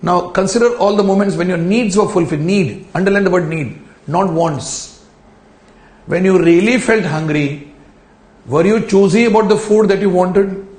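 A man with a high, somewhat dark voice speaks at a normal pace, his words echoing in an indoor room. He is delivering a recorded lecture to a camera, working through ideas with rhetorical questions and repeated key phrases.

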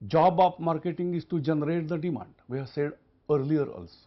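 A man lectures in a high voice, hammering home each point and circling back to it again and again. He poses rhetorical questions to his listeners. The recording sounds muffled and lo-fi. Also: a little fast. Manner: emphatic, repeats key points, asks rhetorical questions. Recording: dull lo-fi recording.

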